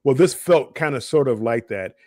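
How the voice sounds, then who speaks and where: Man, middle-aged, rambling, restarts a lot, casual live-stream chat, mid pitch, dry close sound. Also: expressive, moderate pace, a little mellow, no echo. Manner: rambling, many restarts and repeated words. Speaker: cruise show co-host.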